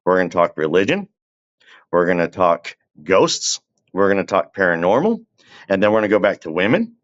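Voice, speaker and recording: A podcast guest with a low voice and a drawl tells a long, leisurely story, very animated and casual. He keeps addressing the listener with little asides, and the audio sounds dull and lo-fi, like a remote call.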